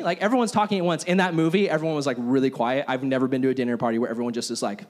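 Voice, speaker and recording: A man preaching a sermon as a pastor, telling a story in an animated way and acting out its characters. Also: on the high side, rapid-fire, hardly any pauses.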